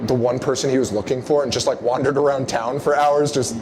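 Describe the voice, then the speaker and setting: A man's voice: medium pitch, fairly even intonation, a little fast, background noise. A young man hosting a live horror podcast, recapping a movie in rambling, casual banter with lots of laughter and acted-out quotes. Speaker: podcast host. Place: live show in a bar or venue.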